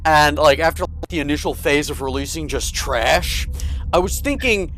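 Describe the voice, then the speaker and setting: A man streaming a co-op game with friends, chatting excitedly and explaining things at length. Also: fairly high pitch, normal speed, poor audio. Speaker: gaming streamer. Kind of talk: casual co-op game chat.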